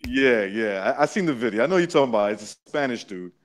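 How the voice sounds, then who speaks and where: A man's voice: medium pitch, lively intonation, fast. A man in a casual podcast chat, talking bluntly and crudely.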